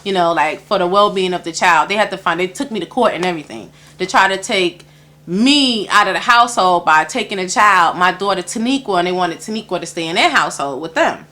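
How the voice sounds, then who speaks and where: Speaking fairly quickly in a low-leaning, expressive voice that's pushed and bright, a woman tells personal stories for an interview. She laughs a lot and performs the voices of the people she quotes.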